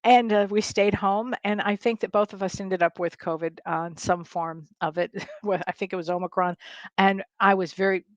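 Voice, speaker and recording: Woman, older, livestream host, chatty, laughs often, mid pitch, dry close mic. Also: steady tone, moderate pace, dry recording, muffled recording. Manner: chatty storyteller, laughs often, rambling restarts. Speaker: spiritual medium host. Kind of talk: casual livestream chat. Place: home livestream. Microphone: webcam or streaming mic.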